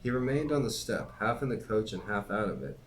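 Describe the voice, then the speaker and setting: A man reads a classic novel aloud at a steady, even pace. His voice sits on the low side. Faint background hiss lies under the recording. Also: fairly quick, poor audio. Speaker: reader and teacher.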